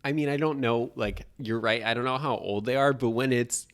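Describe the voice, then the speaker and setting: A woman co-hosting a podcast, speaking in a dry, measured way and giving firm opinions. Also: a bass voice. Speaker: podcast co-host. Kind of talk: casual chat.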